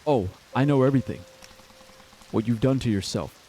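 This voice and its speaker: A man's voice: medium pitch, moderate pace, warm tone, slightly rough, lightly acted. A man voicing a cold, cruel mother who speaks with icy distance and harsh contempt. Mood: furious. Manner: icy and distant, building to screaming. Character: cold, cruel, raging mother, middle-aged woman.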